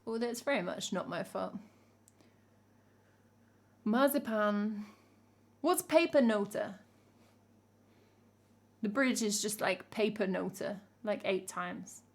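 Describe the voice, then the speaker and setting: Speaking at an unhurried pace and a medium pitch, a young English singer-songwriter chats casually on a live stream while reacting to a music video. She's wry and conversational, tossing in jokey asides.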